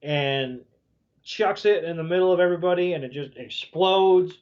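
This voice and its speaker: A man with a fairly high voice recaps an episode on a podcast, rambling and loose, his sentences full of ums and you-knows. The sound is dull and lo-fi. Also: moderate pace. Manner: rambling, many fillers like um and you know. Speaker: podcast co-host. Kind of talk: casual recap chat.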